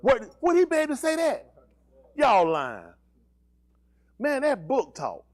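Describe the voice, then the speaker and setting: A man's voice: extremely high pitch, measured pace. A male pastor preaching a sermon, asking the congregation questions and teasing them in slang. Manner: animated preaching with call-and-response questions and slang.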